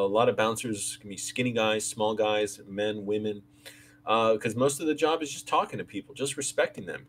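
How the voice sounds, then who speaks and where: A man's voice: mid-range voice, slight background noise, poor audio. A man hosting his own livestream, talking casually and rambling with lots of fillers and restarts. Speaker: channel host.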